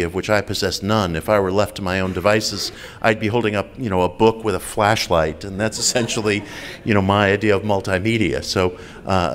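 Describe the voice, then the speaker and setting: A man giving a public lecture in an enthusiastic, wry way, with frequent fillers. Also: fairly low pitch.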